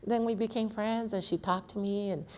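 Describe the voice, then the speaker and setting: A woman's voice: mid-range voice, normal speed. A woman in her sixties telling family stories in an oral history interview, acting out what people said. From Colorado, USA. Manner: animated storyteller, acts out quotes.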